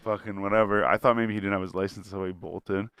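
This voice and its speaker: A man telling a rambling story in casual podcast chat, swearing freely and jumping up in pitch whenever he quotes someone. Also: fast, clean tone. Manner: animated, jumps in pitch when quoting people.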